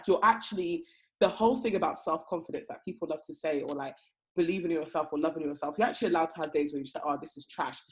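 A woman's voice: on the low side, poor audio. A young woman co-hosting a podcast, chatting casually, laughing often and repeating herself. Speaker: podcast co-host. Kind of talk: casual chat.

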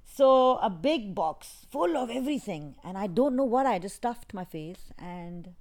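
A woman as an interview guest, talking in a soft, halting, reflective way with many restarts. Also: medium pitch, animated. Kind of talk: emotional personal interview. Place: in England.

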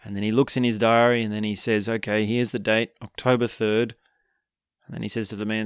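A man casually recapping a film, telling it with animated energy and acting out the characters' lines with chuckles. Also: fairly low pitch, a little fast, smooth, dry recording, clean studio sound. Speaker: film reviewer.

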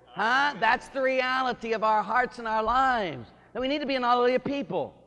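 A high-voiced priest preaches an Easter sermon in a church with a long, ringing reverb. He drops to near-whispers, then bursts into shouts. The delivery is lively and theatrical. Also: normal speed. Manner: animated, swings from hushed to shouting. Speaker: Catholic priest.

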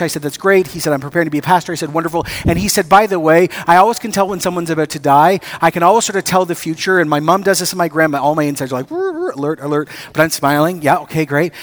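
A man preaching a sermon as pastor, telling stories with acted-out dialogue and rising to excited emphasis. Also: fairly high pitch.

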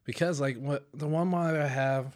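A man's voice: on the high side, fairly even intonation, a little fast. A young man in casual conversation, rambling with many restarts and filler words. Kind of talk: casual chat.

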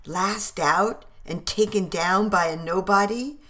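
Brief: woman playing troubled male officer, soft, slow, bewildered questions. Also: medium pitch.

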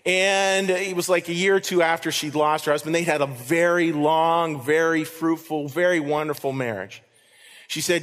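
A man's voice: fairly high pitch, steady tone, normal speed, fairly bright tone. A man preaching a sermon as pastor, earnest, repeating key lines for emphasis. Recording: reverberant hall.

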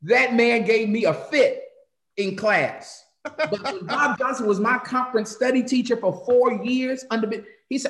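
A man from North Carolina, a pastor telling stories as a guest with a lively preacher's cadence. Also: extremely high pitch, a little slow, roomy sound. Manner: animated storyteller, shifts into sermon cadence. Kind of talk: conversational interview, preacherly.

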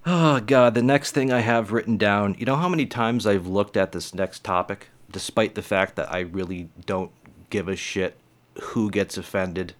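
A man's voice: fairly low pitch, moderate pace. A man who does stand-up comedy, talking casually and rambling to his viewers, with lots of swearing. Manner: rambling, profane, chatty.

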